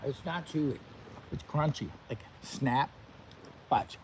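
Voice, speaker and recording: A man's voice: on the high side, measured pace, vocal fry, a little hiss or hum, poor audio. A man hosting a vlog, chatting upbeat and straight to viewers while eating and cooking. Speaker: vlog host. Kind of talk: casual chat to camera.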